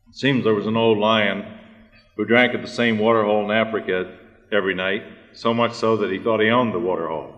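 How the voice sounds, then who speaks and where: A man with a somewhat low voice gives a measured conference talk, pausing on fillers and clearing his throat. The sound comes from an old archive recording in a large hall with a long reverb. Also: fairly even intonation, fairly bright tone, highs cut off. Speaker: conference speaker. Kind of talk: prepared conference talk with a joke.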